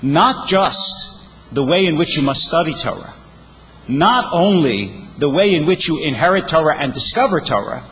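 A man's voice: fairly high pitch, big pitch swings, moderate pace, sharp tone. A male rabbi giving a sermon, explaining verses emphatically and reciting poetry with expression. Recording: long hall reverb.

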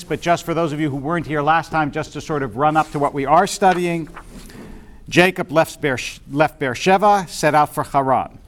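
Higher-voiced man teaching a Bible class. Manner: conversational, checks in with "right?", frequent "um". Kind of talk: informal class lecture. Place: classroom with a group present.

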